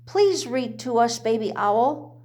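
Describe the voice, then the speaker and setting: A woman's voice: fairly high pitch, lively intonation, slow, a little mellow. A woman voicing an eager little boy chick who pleads to be read to.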